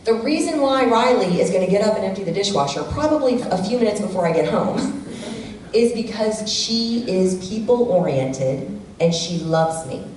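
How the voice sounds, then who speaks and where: A middle-aged woman giving a community workshop talk in a church hall, telling lively personal stories and acting out what her family members say. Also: mid-range voice, moderate pace. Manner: animated storyteller who acts out quoted family members. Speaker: workshop presenter. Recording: echoey hall from far off, faint room noise.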